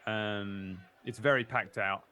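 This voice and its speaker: A man's voice: lowish voice, steady tone, takes it slowly, pushed and bright. A man narrating a tabletop game as game master, describing scenes playfully.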